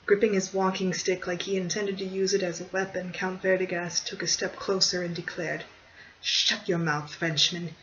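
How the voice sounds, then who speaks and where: A reader narrating a gothic horror short story in a measured, even way, at a middling pitch. The recording is dull and a little distant, with a faint hiss underneath.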